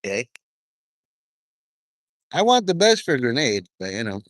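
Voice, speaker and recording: A man's voice: medium pitch, big pitch swings, unhurried, a bit bright, dry recording. Rambling, profane man talking to camera. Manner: profane, stream-of-consciousness, drifting between topics. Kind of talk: rambling monologue to viewers.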